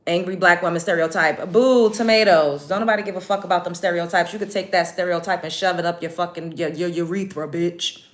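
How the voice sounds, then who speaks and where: Doing her makeup at home, a woman hosts a casual livestream and reads out comments in a brash, confrontational way. Her voice is on the low side with fairly even intonation. She talks a little fast with few pauses.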